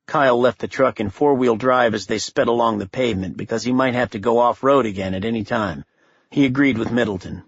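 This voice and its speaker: A male narrator reading a thriller audiobook in a steady, measured way. His voice is husky and close, with a dry sound and no room echo. The recording is slightly dull. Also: mid-range voice. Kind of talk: scripted narration.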